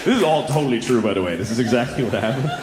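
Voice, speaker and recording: A man's voice: mid-range voice, rapid-fire, echoey room, noisy background. A man doing a stand-up set, telling stories and acting out the people in them. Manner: animated storytelling, acts out other people's voices. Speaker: stand-up comedian.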